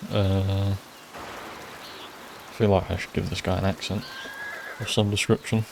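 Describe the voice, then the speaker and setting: A man's voice: low-pitched, level tone, measured pace, vocal fry, noisy background. A man commentating a game playthrough, blunt and self-deprecating, swearing freely. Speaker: gaming streamer. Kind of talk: let's play commentary.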